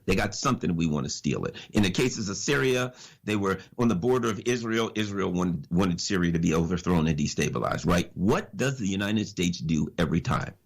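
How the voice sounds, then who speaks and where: A man's voice: low-pitched, vocal fry, slightly rough. A man giving an impassioned political commentary as a radio guest, preachy and full of rhetorical questions and repeated phrases.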